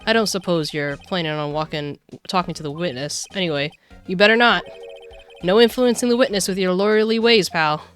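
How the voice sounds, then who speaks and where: A woman voicing a gruff, friendly male police detective in a video game, folksy and calling everyone pal. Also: fairly low pitch, fairly quick, a bit bright, faint music behind, lightly acted. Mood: warning. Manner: folksy, calls people pal.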